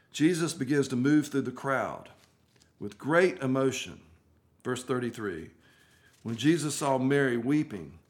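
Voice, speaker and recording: A male pastor preaching a sermon, moving between hushed, quiet phrases and emphatic, rising ones. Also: mid-range voice.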